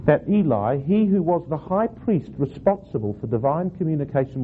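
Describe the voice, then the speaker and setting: A man with a slightly raised voice teaches a class how to read a Bible verse. He reads each line slowly, tries out different stresses and quizzes his listeners. The recording sounds thin and phone-like, with a faint hiss behind it. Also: fairly high pitch, expressive. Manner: reads verses aloud slowly, then asks the class questions. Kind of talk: teaching scripture reading with varied emphasis.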